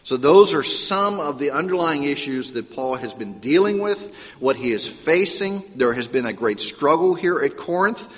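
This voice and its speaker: Male pastor, slightly high voice, casual storytelling sermon delivery, long reverb of a church hall. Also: moderate pace. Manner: conversational, storytelling, lively asides.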